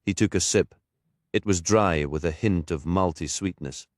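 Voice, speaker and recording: Deep-voiced man narrating a crime novel. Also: moderate pace, a little mellow, dry recording, clean studio sound. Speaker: audiobook narrator. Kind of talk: scripted narration.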